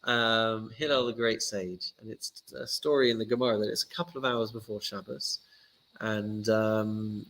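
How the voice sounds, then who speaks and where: A man's voice: fairly low pitch, steady tone, moderate pace, fairly bright tone, rough recording. A man, a rabbi giving a casual lesson, telling stories in a chatty, joking way. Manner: chatty, joking, loose storytelling. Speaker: rabbi teaching a class.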